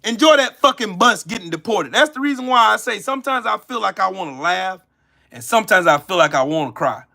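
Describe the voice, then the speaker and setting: A man rants on his live stream, hurling profanity at viewers and calling them out by name. His pitch leaps wildly between loud shouted bursts and low muttered asides. The tone is bright and sharp-edged. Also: expressive, brisk, vocal fry. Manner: angry, profane, cussing out viewers. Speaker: livestream host. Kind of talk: live-stream rant answering chat.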